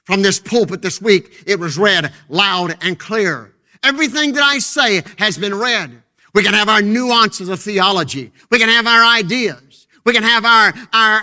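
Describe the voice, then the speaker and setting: A man preaching a fervent sermon from a church pulpit, moving between loud, emphatic declarations and hushed, intense passages, with a lot of repetition. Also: high-pitched. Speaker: pastor.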